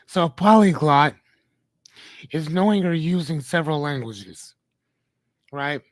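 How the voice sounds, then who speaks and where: Man, podcast host, casual rambling chat, slow, slightly high voice, dry sound. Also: lively intonation, dry recording. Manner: rambling, self-correcting, talks to the chat.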